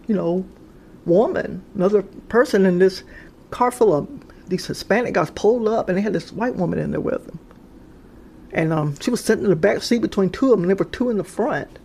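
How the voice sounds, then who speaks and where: Woman, mid-pitched and gravelly, casual rambling storyteller, lots of restarts. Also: a little fast, darkish tone. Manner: rambling, hesitant, many restarts and fillers. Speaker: storyteller sharing paranormal experiences.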